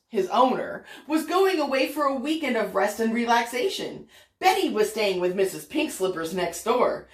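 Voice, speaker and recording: A woman reading a picture book aloud to children, animated and stopping often to ask her young listeners questions. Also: on the high side. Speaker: children's storyteller. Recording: echoey room.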